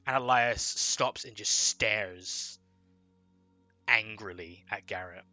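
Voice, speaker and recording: A man narrating a tabletop game as game master, in measured storytelling. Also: lowish voice, steady tone, pushed and bright, no room sound, soft background music.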